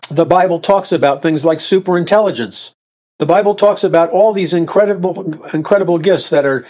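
A man preaching a sermon, emphatic, often repeating and restarting phrases and rising to bursts of intensity. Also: mid-range voice.

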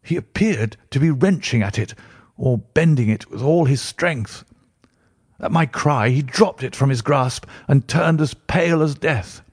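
Husky man narrating a classic story. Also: mid-range voice, no room sound, studio quality. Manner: measured, formal storytelling. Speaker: audiobook narrator. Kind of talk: scripted narration of a classic first-person story.

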